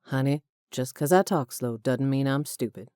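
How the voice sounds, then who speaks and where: Brief: woman playing a reserved ex-soldier hero from the South, soft and low. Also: normal speed, smooth, no echo, studio quality. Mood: dry. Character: guarded Southern ex-soldier man.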